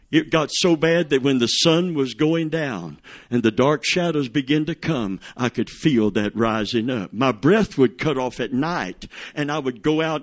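A middle-aged male pastor preaching a sermon, telling stories and calling for amens from the congregation. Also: fairly high pitch. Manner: preaching with call-and-response, storytelling, laughing asides.

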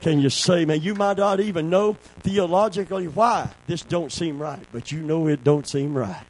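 A man preaching a sermon, calling for amens and swinging between a low hush and a shout. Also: normal speed, poor audio.

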